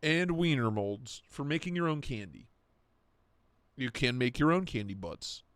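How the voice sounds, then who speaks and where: A man's voice: medium pitch, lively intonation, measured pace, a bit bright, clean tone, dry recording. A man hosting a casual livestream, joking crudely, laughing a lot and reading out donations. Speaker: livestream host.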